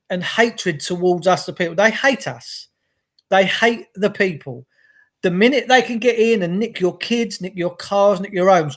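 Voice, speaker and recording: High-voiced and fairly bright in tone, a middle-aged man hosts a casual livestream rant from his home by the log burner. He's chatty, greets his viewers, and speaks with real passion.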